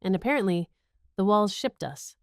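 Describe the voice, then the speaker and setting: A woman's voice: mid-range voice, animated, moderate pace, no echo, clean studio sound. A young woman narrating a romantic comedy audiobook in first person, wry and sarcastic.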